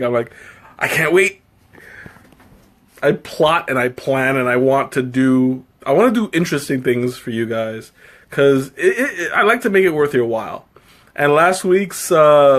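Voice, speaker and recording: Rambling, laughing tea-stream host, a man. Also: medium pitch. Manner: rambling, self-interrupting, laughs often; playful, self-mocking. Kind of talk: casual live-stream chat with viewers.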